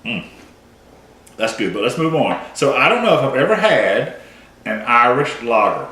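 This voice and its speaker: A man's voice: mid-range voice, normal speed. Man, beer show host, casual tasting chat, echoey room, faint hiss. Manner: relaxed, reads label notes aloud.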